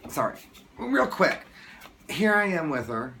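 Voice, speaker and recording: A man telling a story to camera in a casual vlog, excited and gushing, often restarting his sentences. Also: a little high, measured pace, a little hiss or hum. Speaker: vlogger.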